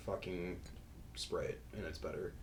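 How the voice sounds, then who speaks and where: A man's voice: sits low, steady tone, unhurried, slight background noise. A young man co-hosting a casual podcast, blunt and teasing, with frequent swearing. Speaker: podcast co-host. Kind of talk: casual chat.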